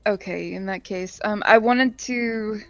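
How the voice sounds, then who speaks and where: A woman's voice: medium pitch, measured pace, lo-fi sound. A woman playing a tabletop game over a video call, hesitant and thinking aloud with many fillers. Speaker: player.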